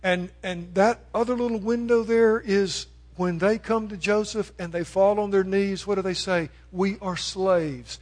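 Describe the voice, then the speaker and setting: A man with a high-pitched voice preaches a sermon with dynamic delivery. He rises to loud, ringing proclamations, then drops to hushed, pleading appeals. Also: steady tone, moderate pace, few pauses.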